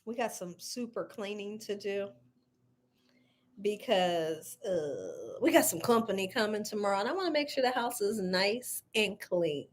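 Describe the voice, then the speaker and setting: A cooking channel host runs a relaxed live stream at home with a window open, talking freely, laughing a lot and responding to viewers' comments. Her mid-range voice is very animated but keeps a measured pace.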